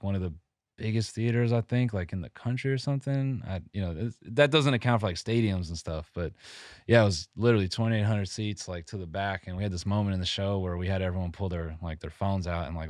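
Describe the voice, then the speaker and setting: A man with a very low, deep voice chats as a podcast guest. He tells loose, profane stories, full of "like" and restarts. The sound is dry and close, with no room echo. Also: darkish tone. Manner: laid-back, profane storytelling with many fillers. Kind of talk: casual podcast chat.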